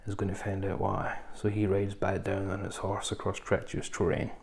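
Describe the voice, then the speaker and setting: Low, gravelly man chatting about films. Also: monotone, moderate pace. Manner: rambling, conversational, frequent ums and asides. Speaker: film reviewer. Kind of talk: casual film review chat.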